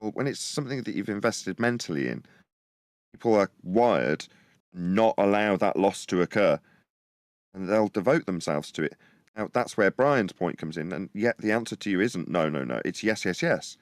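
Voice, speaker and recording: A man co-hosting a live-stream discussion, talking in a rambling, animated way. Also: sits low, normal speed, no echo, clean studio sound. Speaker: podcast co-host.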